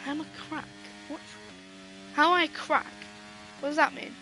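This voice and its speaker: A woman giving casual, excitable live sim racing commentary, giggling and swearing as she banters. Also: high-pitched, normal speed, over music.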